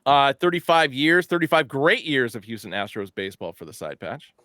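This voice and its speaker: A man's voice: medium pitch, sing-song, a little fast, bright, forceful tone, dry recording, clean studio sound. A man hosting a casual product recap, upbeat and joking with his co-hosts. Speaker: show host presenting new hats.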